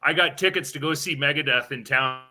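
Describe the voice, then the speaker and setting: A man's voice: a little high, a little fast, over a noisy crowd. A man chatting on a live hockey betting stream, telling stories with plenty of swearing and acting out the people he quotes. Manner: swearing storyteller, acts out quoted voices. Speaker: show guest, hockey fan. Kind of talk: casual chat.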